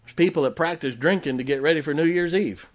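A man's voice: fairly high pitch, quick pace. A man preaching a sermon as pastor, emphatic, with rhetorical questions, joking asides and check-ins with the congregation.

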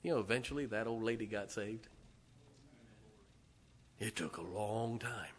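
A man preaching a sermon, telling a story in an animated way with loud bursts and soft asides. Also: lowish voice, measured pace, husky.

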